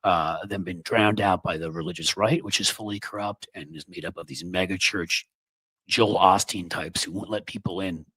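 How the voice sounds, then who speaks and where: Sarcastic husky man in his fifties. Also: deep voice, steady tone, moderate pace, pushed and bright, dry recording. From New York City. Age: 50s. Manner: sarcastic, mocking, rambling. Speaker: political commentator host. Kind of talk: political commentary monologue. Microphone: studio microphone.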